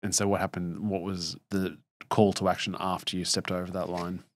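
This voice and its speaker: Deep-voiced man hosting an interview. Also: flat delivery, fairly quick, no echo, clean studio sound. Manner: reflective, encouraging interviewer. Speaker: podcast host. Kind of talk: casual interview.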